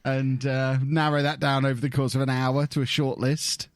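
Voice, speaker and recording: A man's voice: medium pitch, flat delivery, moderate pace, dry recording. A man hosting a podcast in casual chat, teasing his co-hosts with dry banter. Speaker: podcast host.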